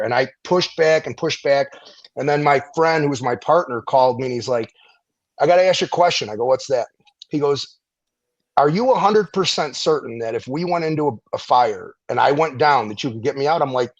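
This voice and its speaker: A middle-aged man, a veteran and former firefighter, telling stories in a casual interview, animated and profane, acting out the people he quotes. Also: mid-range voice, a little fast, lo-fi sound.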